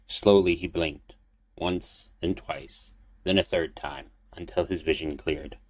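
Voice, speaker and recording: A man reading a fan fiction audiobook in a calm, steady storytelling manner. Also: sits low, slow pace, no echo. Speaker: audiobook reader.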